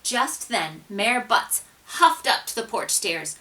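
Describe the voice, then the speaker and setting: Woman, children's book read-aloud, slow and very expressive, bright tone, a little distant from the mic. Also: mid-range voice, slight background noise. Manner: expressive, dramatic narration with hushed asides. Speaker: storybook reader.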